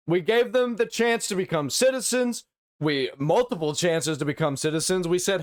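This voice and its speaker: Male reaction host, high and swooping, exasperated profane rants. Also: normal speed. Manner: exasperated, profane, animated ranting. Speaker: commentary host reacting to a video. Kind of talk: reaction commentary.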